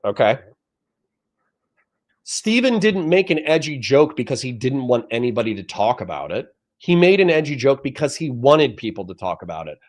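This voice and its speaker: A man's voice: mid-range voice, very animated, normal speed. A man on a livestream reading chat comments aloud and answering them in a blunt, profane, lecturing rant.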